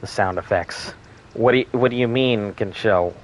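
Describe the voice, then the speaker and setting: A man's voice: fairly low pitch, moderate pace, slight background noise. A man streaming a survival game, chatting in a rambling, crude, joking way. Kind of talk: casual gameplay commentary.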